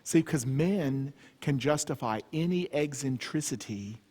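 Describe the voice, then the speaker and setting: A man's voice: mid-range voice, a little slow, slightly rough. Retreat speaker, male, comic storyteller, echoing church hall. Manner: humorous, animated storyteller. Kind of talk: storytelling talk. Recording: long church reverb.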